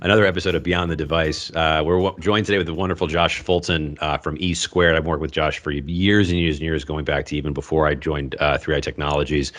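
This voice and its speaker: Male podcast host, very low voice, easygoing and joking, casual with frequent fillers. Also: little pitch movement, a little fast, hardly any pauses, a bit bright.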